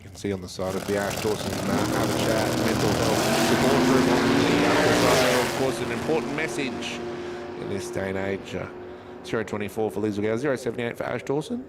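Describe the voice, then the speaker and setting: A man calling drag races live, chatty and quick with times and speeds. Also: on the low side. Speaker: drag racing commentator. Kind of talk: live race commentary. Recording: faint track noise behind.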